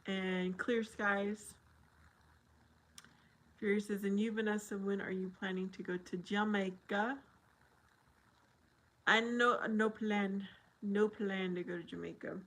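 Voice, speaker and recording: Woman stream host, unhurried, drawls out chat messages between giggles. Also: medium pitch, steady tone, fairly bright tone. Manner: slow, drawn-out reading with frequent laughter. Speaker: livestream host. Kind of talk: casual live chat, reading viewer comments aloud.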